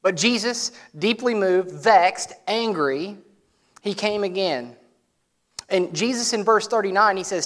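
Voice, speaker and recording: A man delivers a sermon in a loose, conversational style. His voice sits a little high for a man. He leans hard into emphatic lines, then drops to soft, low asides. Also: measured pace. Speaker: pastor.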